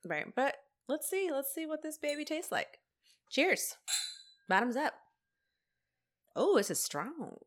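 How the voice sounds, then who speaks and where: A woman co-hosting a casual chat while tasting whiskey, teasing and reacting quickly. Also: high voice, sing-song. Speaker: podcast co-host.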